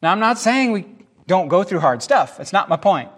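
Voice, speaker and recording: A male pastor gives a relaxed, humorous sermon. His voice sits a little high and leaps around with lively emphasis, and he acts out the lines of the people in the scripture he reads. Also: normal speed. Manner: animated, jokey, acts out voices. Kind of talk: casual sermon teaching.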